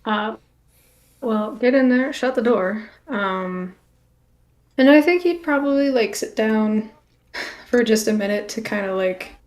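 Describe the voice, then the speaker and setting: A woman's voice: on the high side, animated, takes it slowly, pauses often. A woman playing a tabletop game, thinking through her character's actions in a casual way full of fillers. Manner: thoughtful, casual, many fillers and likes. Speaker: player.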